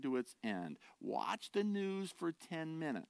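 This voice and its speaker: A pastor preaching a sermon, earnest and direct, shifting from quiet, low asides to loud, emphatic declarations and rhetorical questions. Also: male voice, very animated, a little slow, vocal fry, hardly any pauses, dry recording, studio quality. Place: church.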